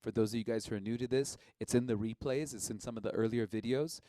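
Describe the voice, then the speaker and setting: A man teaching a live-streamed didgeridoo lesson, relaxed and encouraging, often checking in with his listeners. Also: mid-range voice, quick pace, no echo.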